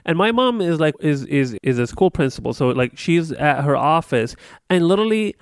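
Male podcast co-host, smooth resonant voice, lively casual storyteller, dry booth sound. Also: fairly high pitch, normal speed, no echo. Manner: animated storytelling, swearing.

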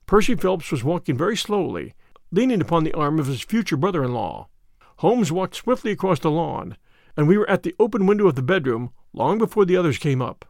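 Lively man narrating a classic story. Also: fairly high pitch, a little fast, vocal fry, no room sound, clean studio sound. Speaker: audiobook reader.

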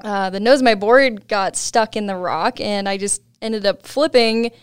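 A young woman guest on a podcast, telling a story in casual chat, laughing often and animated when quoting others. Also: mid-range voice, a little slow, clean tone, no echo, studio quality.

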